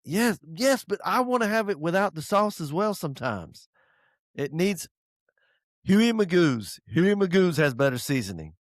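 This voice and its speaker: A man, co-hosting a podcast in a casual, animated chat with playful swearing. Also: high voice, unhurried, no room sound, clean studio sound. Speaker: podcast co-host.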